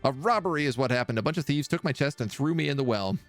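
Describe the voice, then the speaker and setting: A man voicing an exhausted dwarf just pulled from a well, gruff and outraged. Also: medium pitch, lively intonation, fast, faint music behind, pitched above the performer's own voice, lightly acted. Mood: indignant.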